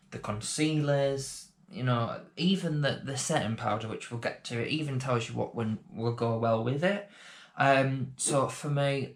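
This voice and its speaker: A man's voice: medium pitch, vocal fry. Chatty man vlogging a makeup tutorial. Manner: chatty, self-deprecating, rambling asides. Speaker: beauty vlogger. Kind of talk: casual makeup tutorial vlog.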